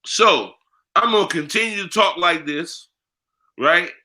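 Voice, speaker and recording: In an unhurried, high voice with a sharp tone, a man from the United States speaks as a guest in a candid interview. He is a spiritual priest, and his talk is blunt, full of street slang and heavy profanity.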